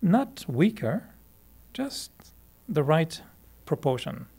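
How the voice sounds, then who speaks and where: A man with a French Canadian accent, a native French speaker, teaching meditation in a relaxed, chatty way, laughing often and restarting sentences. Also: a little high, slow pace, creaky, breathy edge. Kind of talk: relaxed spoken talk to a group.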